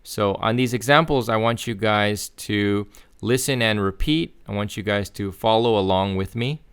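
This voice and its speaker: A man teaching English pronunciation in a clear, deliberate lesson, slowly stressing the example words. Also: lowish voice, very echoey. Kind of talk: scripted lesson.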